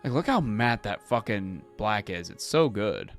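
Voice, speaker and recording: Animated man chatting while painting. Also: lowish voice, unhurried, soft background music. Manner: rambling, casual, swears freely. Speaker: miniature painting streamer. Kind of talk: casual hobby chat while painting.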